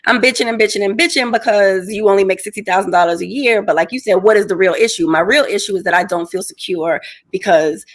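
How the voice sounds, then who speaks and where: A woman's voice: medium pitch, fast, few pauses. A woman co-hosts a relationship podcast in an ordinary mid-range voice. She speaks bluntly and conversationally, mixing everyday examples with casual swearing as she makes her point. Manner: frank, outspoken, curses casually. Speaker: podcast co-host.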